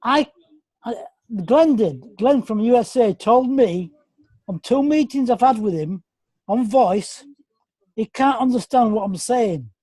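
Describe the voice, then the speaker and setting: A man's voice: extremely high pitch, expressive, a little slow, dark tone, no echo. An English man rambling and apologising during a casual group video call. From England. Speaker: meeting participant.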